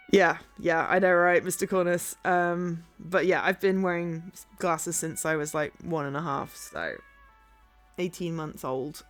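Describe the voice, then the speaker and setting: Woman streamer, casual chat, lively up-and-down voice, rambling, faint music behind. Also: medium pitch. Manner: chatty, rambling, easily sidetracked. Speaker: game streamer.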